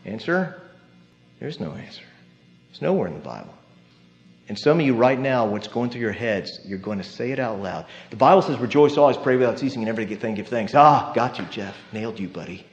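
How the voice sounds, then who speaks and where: A man preaching a sermon with animated delivery, acting out quoted voices and dropping from loud lines to hushed ones. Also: mid-range voice, fairly quick, dull audio, faint music behind. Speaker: pastor.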